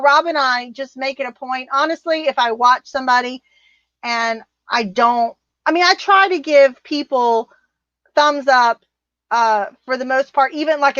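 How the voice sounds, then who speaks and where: A woman's voice: high voice, fairly bright tone, no echo, highs cut off. A woman co-hosting a casual livestream, chatting and reading viewer comments in a rambling, easily amused way. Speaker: livestream co-host. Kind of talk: casual live-stream chat reading comments.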